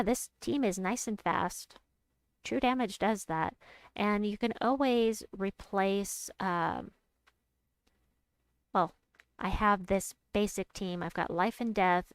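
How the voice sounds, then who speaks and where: A young adult woman chatting casually while she plays a game, reading out and answering her chat and squealing with excitement at big moves. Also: fairly low pitch, clean tone, dry recording. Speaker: game streamer. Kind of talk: casual gameplay commentary.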